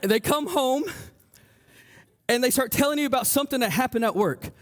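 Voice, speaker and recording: A male pastor with a very high voice preaches at normal speed in a church sanctuary. Animated and lively, he performs the voices of his story's characters, frequently stumbling and starting over.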